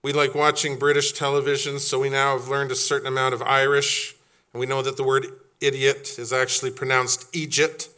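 A man's voice: mid-range voice, completely flat delivery, a little fast, pushed and bright, clear, resonant tone. A middle-aged man preaching a sermon as pastor, quizzing his congregation and acting out quoted voices. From Canada.

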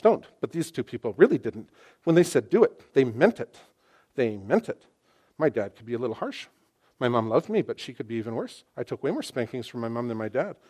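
Man, 60s, pastor mid-sermon; dynamic delivery, repeats lines for emphasis, loud-to-soft swings. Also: medium pitch. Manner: emphatic, swings from loud exclamations to hushed asides.

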